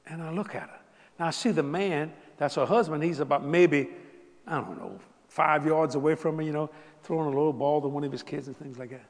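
A man preaching a storytelling sermon, chatty and laughing along, swinging between loud exclamations and hushed near-whispers. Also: on the high side, a little fast, in a large hall. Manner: conversational, laughs with the crowd.

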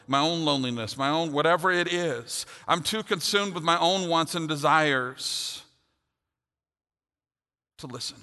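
Middle-aged preacher, bright voice, echoing hall. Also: male voice, a little high, unhurried, pauses often. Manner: earnest, builds to humorous storytelling. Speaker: pastor. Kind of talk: sermon with personal story. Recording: long hall reverb.

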